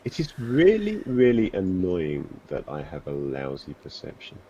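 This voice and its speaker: A man talks through a tabletop game, slipping into a posh character now and then. His pitch swings widely, and his mic sounds dull and lo-fi. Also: measured pace, a little hiss or hum. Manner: lively, plays a posh toff character. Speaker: player. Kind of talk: tabletop role-play, in and out of character.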